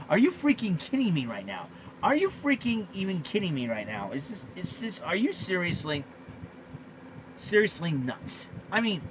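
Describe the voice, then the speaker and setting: A man rants about sports news as a podcast host, getting indignant and stacking up fillers and repeats. His voice sits high and leaps around a lot. The recording is dull and lo-fi with a faint hiss underneath. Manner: excitable, indignant, repeats himself with many fillers. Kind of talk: ranting sports commentary monologue.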